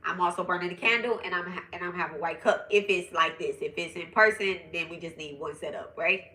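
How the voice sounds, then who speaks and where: Bright-voiced woman medium telling a story. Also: lowish voice, fast, echoey room, rough recording. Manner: chatty, animated, addresses viewers directly. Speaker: spiritual medium. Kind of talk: casual storytelling to viewers.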